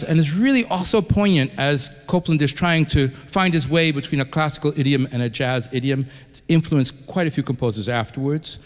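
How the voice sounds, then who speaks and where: A man from New York who conducts an orchestra, introducing a concert to the audience in an enthusiastic, conversational way with frequent restarts. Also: mid-range voice. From New York, United States. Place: concert hall. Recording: long concert-hall reverb.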